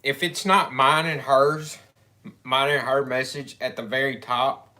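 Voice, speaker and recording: A man's voice: medium pitch, fairly even intonation, unhurried, bright, forceful tone. A man chatting casually on a livestream, telling easygoing stories.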